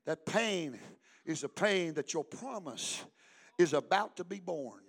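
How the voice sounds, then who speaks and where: An older male pastor, preaching a sermon with call-and-response, swinging from hushed talk to shouting. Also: fairly high pitch, expressive, a little slow, creaky, a little hiss or hum.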